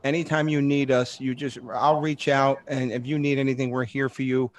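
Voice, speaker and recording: A man's voice: mid-range voice, level tone, normal speed. A man in his fifties hosting a radio interview, speaking eagerly and politely like a longtime fan. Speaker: host.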